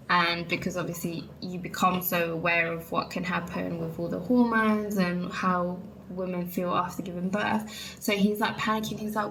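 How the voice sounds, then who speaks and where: A woman's voice: medium pitch, steady tone, normal speed, low-quality recording. Young woman vlogging, chatty, tons of likes and literallys, faint noise behind. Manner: chatty, says "like" and "literally" a lot; candid storytelling to viewers. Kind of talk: casual chat.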